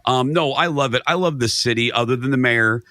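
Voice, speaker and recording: A man's voice: mid-range voice, fairly quick, pushed and bright, dry recording, studio quality. A man telling a story in casual chat as a guest, acting out his own reactions. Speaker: guest, radio and TV host.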